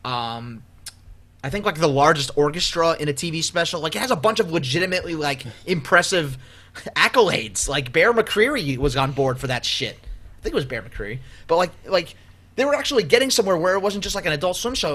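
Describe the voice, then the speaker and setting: A male podcast host who rambles through stories with animated energy and plenty of fillers. His voice is bright and sits a little high for a man. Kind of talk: casual comedy podcast chat.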